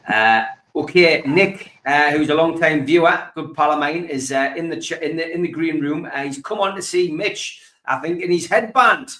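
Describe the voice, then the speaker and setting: Chatty podcast host in an echoey room. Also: male voice, fairly high pitch, normal speed, hardly any pauses. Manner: relaxed, reads out chat comments with many fillers. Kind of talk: fan podcast chat.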